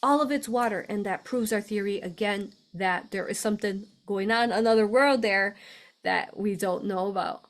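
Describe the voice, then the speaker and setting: A woman's voice: mid-range voice, normal speed. A woman from the United States hosting a spiritual live stream, talking casually and effusively with frequent laughs and fillers. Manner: chatty, effusive, laughs often, many fillers. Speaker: host of a spiritual live show.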